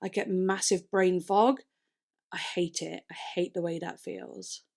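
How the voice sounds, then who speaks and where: This young British woman speaks in a lowish, darkish voice with vocal fry, fairly even intonation and a slightly slow pace. Chatting in her music reaction vlog, she wanders from point to point and trips over her words.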